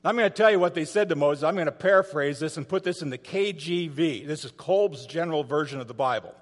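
A man with a high voice delivers a sermon from the pulpit of a church sanctuary. He retells the story dramatically and keeps putting rhetorical questions to the congregation. His voice carries a long hall reverb. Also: fast talker. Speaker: pastor.

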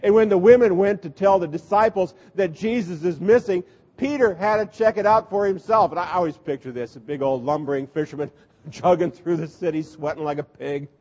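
A high-voiced man preaches to his congregation and tells the story with humor. He acts out the people in it as he goes. The recording is dull and lo-fi. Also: fairly quick, a little mellow, slightly rough, in a large hall. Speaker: Lutheran pastor. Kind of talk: sermon.

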